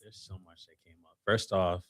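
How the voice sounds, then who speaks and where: A man's voice: sits low, fairly even intonation, brisk, a bit bright. A man co-hosting a podcast in casual chat, laid-back and thoughtful, laughing often. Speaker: podcast co-host.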